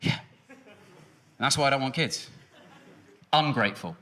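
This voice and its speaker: This stand-up comic has a mid-range voice and keeps a normal speed as he works a large music hall through a stage microphone. His set is sarcastic and punchy, animated with the occasional shouted bit, all over heavy background noise.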